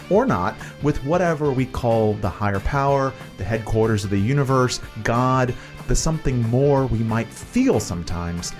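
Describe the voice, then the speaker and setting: A man from the United States, co-hosting a podcast and interviewing a guest in an upbeat, playful way. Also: medium pitch. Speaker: podcast co-host. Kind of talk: scripted podcast intro and interview.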